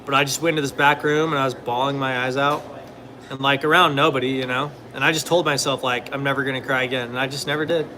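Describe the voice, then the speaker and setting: A young man's mid-range voice moves fast with fairly even intonation and a pushed, bright quality, plus some hiss or hum. His talk is casual, wandering and filler-heavy, and he sometimes stops to answer what viewers ask.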